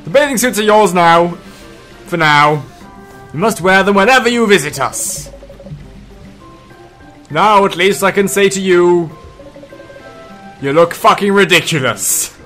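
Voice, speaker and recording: A man's voice: sits high, unhurried, long pauses, sharp tone, faint music behind, voice pushed up. A man doing a pompous chatty fairy lord. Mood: teasing. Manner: theatrical, flowery and chatty.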